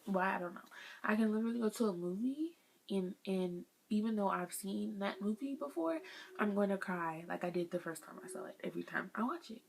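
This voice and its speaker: A woman's voice: medium pitch, brisk, creaky, slightly rough. Young woman vlogging advice, earnest and chatty, keeps saying y'all. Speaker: vlogger sharing life lessons. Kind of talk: casual advice vlog.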